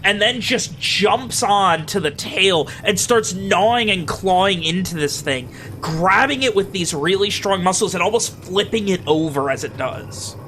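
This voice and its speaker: A man acting as game master, narrating the action with lots of ums and quick self-corrections. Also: high-pitched, animated, a bit bright, a little hiss or hum. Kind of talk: running a tabletop game.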